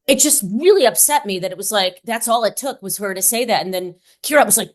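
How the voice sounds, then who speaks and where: A woman co-hosting a podcast, chatty and animated, leaning on "like" as she reacts. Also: medium pitch, brisk, few pauses. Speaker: podcast co-host. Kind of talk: casual podcast discussion.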